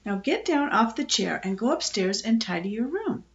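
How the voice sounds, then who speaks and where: A woman voicing a kindly mother who is gentle but firm. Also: a little high, sing-song, moderate pace, highs cut off. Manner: gentle and encouraging, firm when needed. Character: kindly, patient mother of several children.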